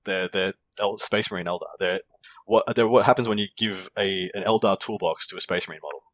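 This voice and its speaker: A man with an Australian accent chats casually on a gaming podcast. His voice sits low, and he jokes and laughs readily, getting animated as he argues his point. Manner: animated, jokey, quick to laugh. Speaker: podcast co-host. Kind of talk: casual chat.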